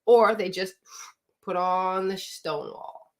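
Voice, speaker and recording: A woman's voice: mid-range voice, slow. Direct, emphatic woman marriage coach. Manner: direct, emphatic, often asks the audience. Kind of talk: live coaching talk to an audience.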